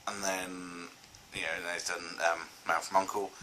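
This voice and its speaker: Rambling man, very bright voice. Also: sits low, little pitch movement, unhurried, slight background noise, rough recording. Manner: rambling, many fillers and restarts; enthusiastic. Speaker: film reviewer. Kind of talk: casual vlog review.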